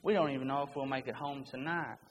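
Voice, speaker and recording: A man delivers an earnest, urgent sermon, reading scripture aloud between his own points. His voice sits at a middle pitch and rings with a long reverb from a church hall, over a faint background hiss. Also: fast. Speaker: preacher.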